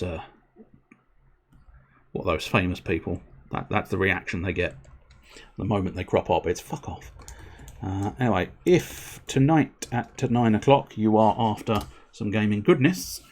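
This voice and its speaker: A man's voice: lowish voice, a little slow, pauses often. A young man chatting casually to his stream audience, rambling, self-deprecating and swearing now and then. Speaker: livestreamer.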